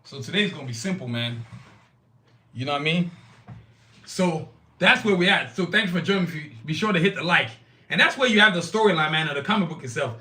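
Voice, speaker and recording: A man's voice: a little high, expressive, brisk, bright, forceful tone. A man hosting his own live-streamed podcast, talking emphatically and bluntly, with frequent profanity, straight to his chat. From Nigeria. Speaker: podcast host.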